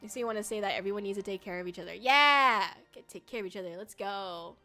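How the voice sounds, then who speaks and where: A woman's voice: medium pitch, steady tone, racing, soft background music. A young woman streaming casually, chatty and bubbly, laughing often and swearing lightly as she reads viewer comments. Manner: emotional, tearful when thanked. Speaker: VTuber streamer. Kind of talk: casual livestream chat reading viewer comments.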